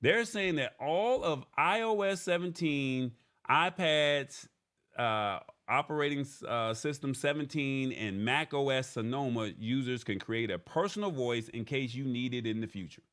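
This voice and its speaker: A man's voice: mid-range voice, measured pace, a bit bright. Chatty man hosting a casual tech stream. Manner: chatty, repeats "all right?" often; reads from an article and paraphrases it. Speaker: tech show host.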